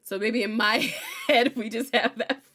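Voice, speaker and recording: A young woman hosting a relaxed recap chat, her voice sitting a little high. She talks playfully and breaks into laughter often. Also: measured pace. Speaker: podcast host.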